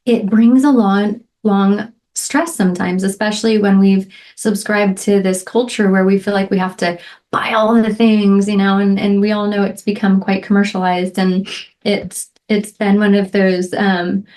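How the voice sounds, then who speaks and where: A woman's voice: mid-range voice, little pitch movement, measured pace, darkish tone. Middle-aged woman doing her solo podcast, earnest and heartfelt, lots of "right?" and "um"s. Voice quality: emotional, near tears at moments. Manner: heartfelt, frequent "right?" and "um" fillers. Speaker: podcast host. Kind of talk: reflective solo podcast talk.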